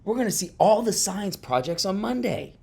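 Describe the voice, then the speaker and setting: A man voicing a small, excited male classroom hamster with a squeaky, eager voice. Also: moderate pace, creaky, slightly rough, heavily acted.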